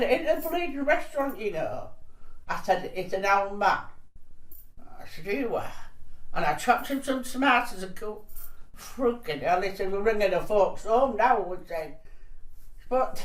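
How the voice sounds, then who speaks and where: A woman's voice: medium pitch, distant mic. Older lady telling cheeky stories, chatty, sounds roomy and a bit off-mic. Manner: chatty, cheeky, laughs between tales. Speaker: interviewee. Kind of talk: casual storytelling.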